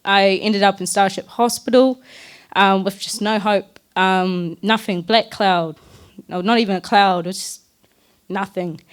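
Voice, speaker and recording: A woman's voice: mid-range voice, steady tone, unhurried, smooth. A young woman, telling her personal story at a community talk in a candid, earnest, loosely chatty way. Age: young adult.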